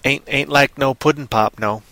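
A man's voice: mid-range voice, fairly even intonation, normal speed, vocal fry, sharp tone, no room sound. Rambling playful man hosting a chat show. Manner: rambling, playful, trails off into mumbles. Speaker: podcast co-host. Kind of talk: casual chat show banter.

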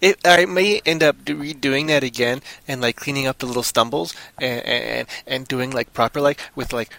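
A man's voice: mid-range voice, normal speed, gravelly, pushed and bright, no echo. A man in casual chat as a podcast co-host, rambling and joking, often slipping into silly put-on voices.

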